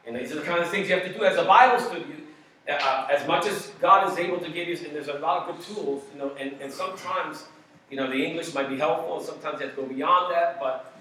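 Animated pastor preaching in an echoey hall. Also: male voice, mid-range voice, a little hiss or hum. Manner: animated, jokey, emphatic with sudden loud bursts. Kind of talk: sermon. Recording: echoey hall, distant mic.

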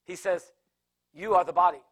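A male pastor teaches from scripture in an earnest sermon style. His voice sits fairly high for a man, and he repeats key phrases as he builds emphasis. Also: normal speed, fairly bright tone.

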